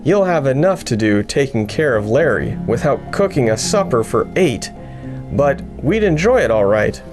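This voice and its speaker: A man voicing a kindly elderly grandfather in a storybook reading, gentle and knowing. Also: medium pitch, big pitch swings, moderate pace, over music, lightly acted.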